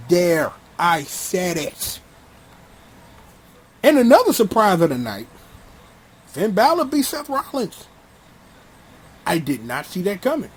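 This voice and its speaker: A man's voice: high-pitched, breathy edge. A man giving a blunt, slangy, casual rant about a wrestling event as a vlog host. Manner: blunt, slangy, animated ranting. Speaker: wrestling commentator vlogger.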